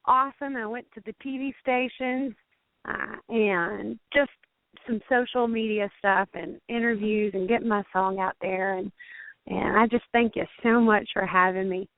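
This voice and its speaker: A woman's voice: mid-range voice, moderate pace, no echo. A Southern woman country singer, upbeat and chatty, calling in from outdoors for a phone interview. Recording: tinny phone line.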